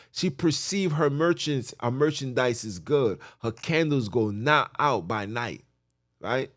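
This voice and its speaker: A man hosting a podcast in casual religious talk, telling stories in an animated way with street slang. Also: mid-range voice, dry recording, studio quality. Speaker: podcast host.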